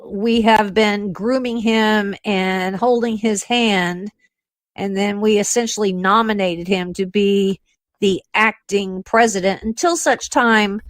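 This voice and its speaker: A woman radio host speaking in animated, quick bursts, often pausing on fillers. Her voice is mid-pitched. It is recorded dry and close. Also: dry recording. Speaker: radio host and intelligence analyst. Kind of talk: casual talk radio.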